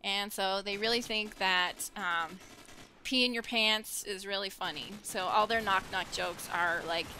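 A young woman recording casual gameplay commentary at home, soft-spoken and hesitant, filling pauses with ums and little giggles. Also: mid-range voice, a little hiss or hum, rough recording. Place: at home with her children nearby.

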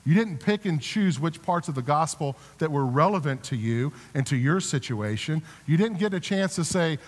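A man's voice: a little high, animated, normal speed, hardly any pauses. Earnest male pastor in a reverberant church. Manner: earnest preaching with repeated restarts; builds to emphatic exhortation. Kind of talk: sermon. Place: church sanctuary.

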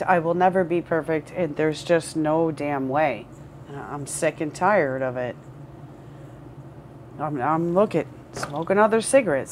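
A woman's voice: low-pitched, lively intonation, normal speed, slight background noise. A woman recording a candid personal vlog at home, rambling, repeating words and swearing. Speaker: vlogger. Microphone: headphones with camera.

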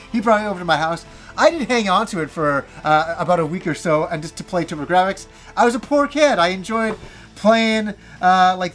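Casual gaming host, man in his forties, high voice, animated and self-mocking, swears freely, faint music under. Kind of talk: casual storytelling monologue.

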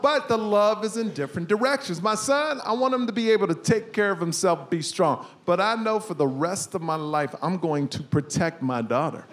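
A middle-aged man doing a stand-up comedy set, animated, acting out family scenes and breaking into shouts. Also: high-pitched, normal speed, few pauses. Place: comedy club stage with live audience. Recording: live room with steady ambience noise.

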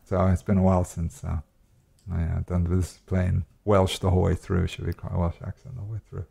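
A man with a very low, gravelly voice and a dark, mellow tone. He talks in a loose, rambling way, full of fillers, as a guest in a casual chat recorded in a flat. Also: fairly quick. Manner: relaxed, rambling, many fillers. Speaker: actor guest. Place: host's flat.

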